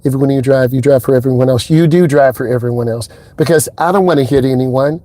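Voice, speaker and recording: A man talking casually as a driving instructor inside a car, telling stories in a lively way and acting out what people said. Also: quick pace, dry recording. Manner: animated storyteller, acts out quotes in a higher voice. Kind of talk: casual vlog talk.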